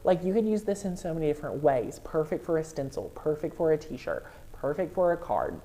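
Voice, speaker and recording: A woman hosting a live crafting software tutorial, bubbly and excitable, talking viewers through each step. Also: sits low, fairly quick.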